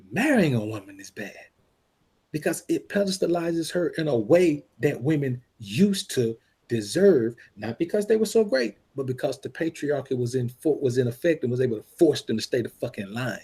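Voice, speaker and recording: A man's voice: fairly high pitch, darkish tone, breathy edge. A man co-hosting a podcast, talking bluntly and profanely in a lecturing way. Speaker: podcast co-host. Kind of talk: casual podcast talk.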